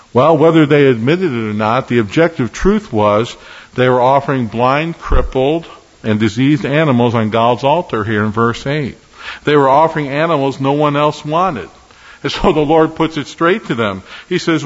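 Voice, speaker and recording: A man preaching an earnest, emphatic sermon with measured pauses as a pastor. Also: mid-range voice, big-room sound, muffled recording.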